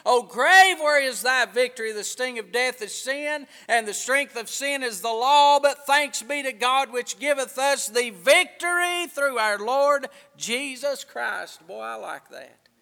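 A male preacher with a very high, bright, tense voice and a gravelly rasp in it. He delivers his sermon in waves, dropping to near-hushed asides and then swelling into loud, stretched-out declarations. The sound carries a long reverb from a church hall. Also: expressive. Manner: swings from hushed asides to loud, drawn-out emphasis.

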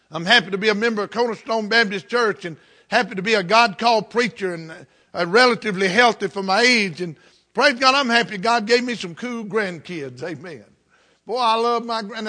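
Older male preacher, high bright voice, plainspoken folksy storyteller. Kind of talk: storytelling sermon.

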